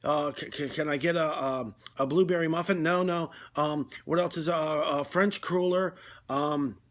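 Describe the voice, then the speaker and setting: A man's voice: fairly high pitch, fairly even intonation, moderate pace, voice pushed up, close to an everyday voice. A man doing a panicking, stammering donut customer. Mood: panicked. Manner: stammering, hesitant, rambling.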